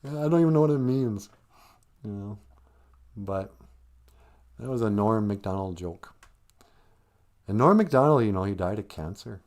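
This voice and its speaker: A man's voice: fairly low pitch, expressive, moderate pace, long pauses, a little mellow. A man hosting a live stream, telling a wandering comedic monologue and laughing at his own jokes.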